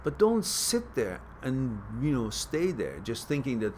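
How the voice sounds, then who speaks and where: A man hosting a question-and-answer stream, giving casual spoken advice that turns animated as he stresses points and repeats words. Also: medium pitch, a little slow, a little hiss or hum. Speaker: host answering viewer questions.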